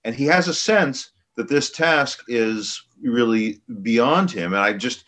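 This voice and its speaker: A man's voice: mid-range voice, expressive, takes it slowly, a bit bright. An earnest man joins a group discussion of a scripture passage. He speaks with emphasis, leaning on the words he wants to stress. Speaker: Torah study discussant.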